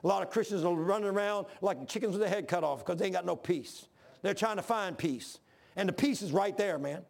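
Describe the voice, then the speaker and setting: A man's voice: sits high, fairly quick, creaky. An older man preaching a sermon, mixing scripture with folksy, plain-spoken stories. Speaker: pastor.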